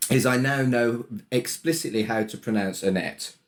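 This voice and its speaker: A man's voice: mid-range voice, normal speed. A man co-hosting a podcast in casual chat, laughing often and swearing freely. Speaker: podcast co-host.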